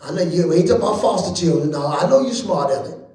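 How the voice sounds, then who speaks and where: A man with a high, bright preaching voice works a church room with folksy call-and-response talk. He swings from quiet asides up into shouted lines. The sound rings with the echo of the room. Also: animated, fast. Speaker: bishop teaching Bible study. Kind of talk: lively preaching to a congregation.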